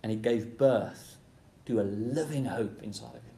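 A man preaching a sermon, swinging between loud emphatic bursts and quiet, low passages, repeating key phrases for emphasis. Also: moderate pace, gravelly. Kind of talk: expository sermon. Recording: roomy hall echo.

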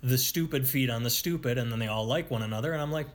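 A man's voice: mid-range voice, fast talker. A man in a casual political chat who sounds frustrated and rambles, breaking off and restarting his sentences.

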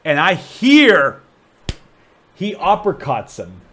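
A man from Ohio, a comedian, chatting casually on a podcast and telling stories with a lot of restarts and swearing. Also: takes it slowly. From Dublin, Ohio, USA. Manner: animated storyteller, voice jumps high and loud when acting out people. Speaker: comedian guest.

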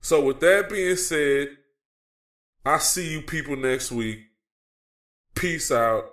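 A man's voice: a little high, animated, takes it slowly, fairly bright tone. A man delivering a cocky, mocking wrestling rant full of swearing. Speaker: podcast segment ranter.

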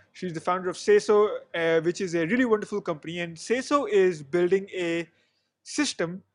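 A man's voice: high voice, dry recording, studio quality. A man hosting a podcast, introducing the episode and his guest in a chatty way, with many fillers and restarts. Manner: chatty, self-correcting, frequent fillers. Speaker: podcast host.

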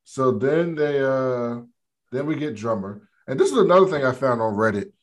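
A man's voice: mid-range voice, expressive, normal speed. A man in a casual podcast chat, retelling a TV episode in slangy speech, quoting the characters' lines. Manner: slangy, retells scenes with quoted dialogue. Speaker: podcast co-host.

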